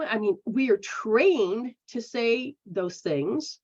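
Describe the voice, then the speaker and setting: A woman giving a casual spiritual teaching talk. She acts out people's inner voices in a lively way. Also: fairly high pitch, slow pace, slightly rough. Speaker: metaphysical practitioner. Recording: dull lo-fi recording.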